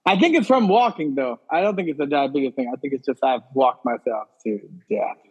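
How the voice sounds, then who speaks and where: A man's voice: medium pitch, lively intonation, fairly quick, a little mellow, husky, dull audio. A man co-hosting a comedy podcast, telling stories in a playful, laughing manner. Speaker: podcast co-host. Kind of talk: casual comedic chat.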